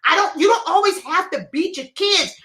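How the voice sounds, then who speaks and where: A middle-aged woman co-hosting a casual chat, telling stories in an animated, emphatic way. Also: extremely high pitch, moderate pace. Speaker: co-host. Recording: echoey room.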